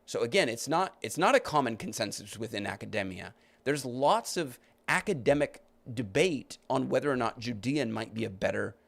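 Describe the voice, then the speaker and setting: With a medium-pitched, slightly bright voice and vocal fry, this podcast host works through comments on a live stream. He reads them out, pushes back, and makes his case while frequently restarting his sentences.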